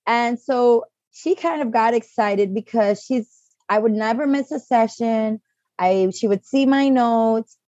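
A woman's voice: on the high side, a little slow, no room sound, muffled recording. A middle-aged woman chatting casually as a guest, telling a story and acting out the voices of others. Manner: animated storyteller acting out quotes. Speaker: client, podcast guest. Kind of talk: casual conversation.

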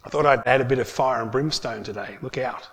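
A man's voice: mid-range voice, a little fast, a bit bright, husky. A man preaching a sermon, earnest and emphatic, stretching out key words for weight. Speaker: pastor.

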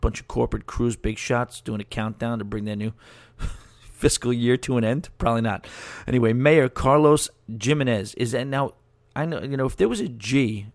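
A man's voice: mid-range voice, normal speed, creaky, darkish tone, no room sound. A man hosting a casual solo podcast, rambling, joking and laughing at his own asides. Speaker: podcast host.

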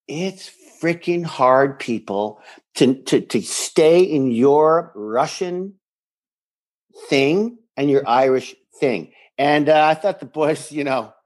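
Middle-aged guy on a podcast, voice jumps around a lot, chatty and playful. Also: fairly high pitch. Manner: animated, acts out lines from scenes. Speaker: podcast co-host. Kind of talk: casual rewatch chat.

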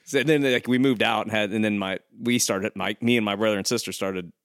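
A man's voice: lowish voice, steady tone, fairly quick, a bit bright, no echo, clean studio sound. A young man co-hosting a comedy podcast, rambling and mocking himself as he tells stories. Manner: rambling, self-mocking, laughs often. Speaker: podcast co-host. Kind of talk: casual comedic chat.

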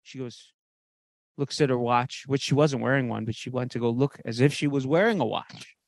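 A man's voice: mid-range voice, normal speed, dry recording. A man co-hosting a podcast, telling a story in a casual, theatrical way. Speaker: podcast co-host.

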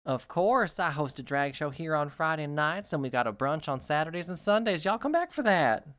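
A sassy drag queen shopkeeper drawls and says "y'all", as the game master puts her on. The voice sits at a middling pitch and stays folksy and hospitable, in a tabletop game. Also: sing-song, moderate pace, fairly bright tone.

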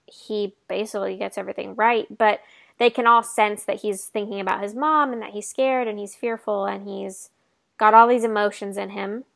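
A woman's voice: mid-range voice, fairly even intonation, normal speed, creaky, fairly bright tone, dry recording. A woman co-hosting a podcast in casual chat, retelling movie scenes animatedly, giggling and acting out the quotes. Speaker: podcast co-host.

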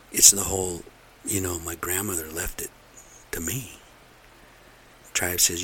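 Deep-voiced middle-aged man ranting bluntly. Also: a bit bright, slight background noise. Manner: aggrieved, blunt, repetitive ranting. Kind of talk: casual rambling monologue.

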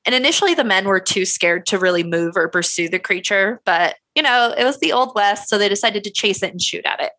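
A woman's voice: mid-range voice, animated, brisk, few pauses, pushed and bright. A woman co-hosting a casual podcast, telling a story in a rambling, profane way with many fillers.

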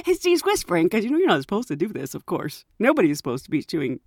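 A woman, a flight attendant, telling a story casually and acting out a coworker in a hushed voice. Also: mid-range voice, fairly quick, husky, no echo, clean studio sound. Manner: animated, mimics coworkers in a hushed voice.

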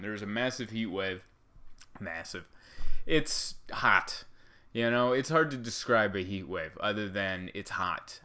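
A man's voice: on the low side, pushed and bright. A man hosting a podcast from his living room, delivering a rambling, sarcastic, self-deprecating comedic monologue. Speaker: podcast host.

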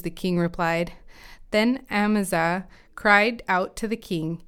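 Woman with a very clear reading voice. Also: medium pitch, unhurried. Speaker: Bible reader. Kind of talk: scripture reading.

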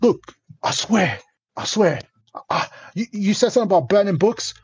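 A man's voice: high voice, animated, normal speed, a little mellow, breathy edge, no room sound, voice pushed up, heavily acted. Man doing a panicky young suspect pleading. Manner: pleading, stammering, repeats words. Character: frightened young male suspect, stammering. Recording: dull lo-fi audio.

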